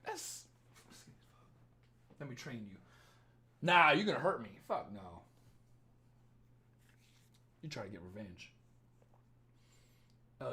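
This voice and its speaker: A young man hosting a casual livestream, reading viewer comments and giving dating advice in a profane, joking, animated way. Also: mid-range voice. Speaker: dating coach livestream host.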